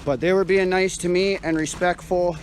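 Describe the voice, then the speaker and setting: A man talks into his phone while he walks a cold night street, out of breath and sighing between his thoughts. His pitch sits a little high for a man, and his talk rambles with fillers and restarts. Loud traffic and street noise fill the recording. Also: steady tone, normal speed. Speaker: live streamer. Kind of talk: casual live-stream chat. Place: outdoors on a frosty night street.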